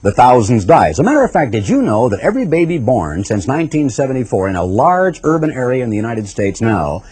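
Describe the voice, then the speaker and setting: A man's voice: mid-range voice, very animated, fast talker, darkish tone, slightly rough. A man giving impassioned, rhetorical radio commentary, piling up lists for emphasis. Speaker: radio broadcaster.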